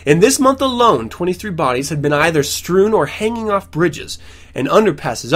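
A man with a lively, swooping voice reads news items on his podcast and keeps breaking into sarcastic rants. His asides are mocking and loud, and he sits fairly high for a man. He records at home. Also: a little fast. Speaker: podcast host. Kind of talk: ranting commentary on news.

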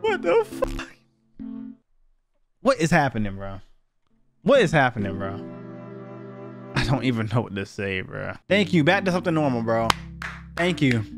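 Animated young man reacting bluntly. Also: medium pitch, normal speed, pauses often, over music. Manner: blunt, profane, animated slang-heavy reactions. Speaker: YouTuber reacting to viewer submissions. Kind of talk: casual reaction commentary.

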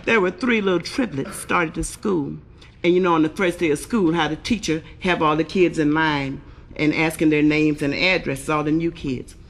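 A woman's voice: low voice, fairly even intonation, normal speed. A woman doing raunchy stand-up comedy, telling profane jokes in a brash, punchy way and acting out the voices. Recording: live comedy album with audience laughter.

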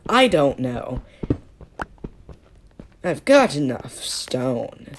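Low-voiced, unhurried woman playing along jokily. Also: animated, a little mellow, a little hiss or hum. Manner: playful and self-mocking, with silly sound words. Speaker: gaming video creator. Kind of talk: casual game commentary.

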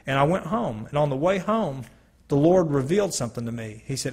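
A man telling his personal testimony to a live audience, slowly and earnestly, with dramatic pauses. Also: a little high, expressive, slightly rough. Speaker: speaker giving a personal testimony.

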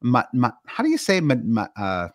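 A man's voice: mid-range voice, huge pitch swings, moderate pace, no room sound, studio quality. A man with a Midwestern American accent, co-hosting a casual podcast chat and rambling through many fillers and restarts. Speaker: podcast co-host.

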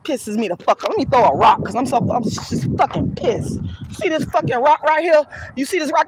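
A woman's voice: high-pitched, lively intonation, moderate pace, background noise. A woman activist ranting to camera outdoors, heated, cursing and scornful. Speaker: colorism activist. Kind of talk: angry profane rant to camera.

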